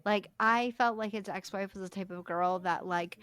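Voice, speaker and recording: A young woman co-hosting a book podcast, chatting casually and acting out characters in quick asides. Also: mid-range voice, fairly even intonation, fairly bright tone, clear, resonant tone. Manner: chatty, self-deprecating, acts out characters. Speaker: podcast co-host. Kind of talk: casual book review chat.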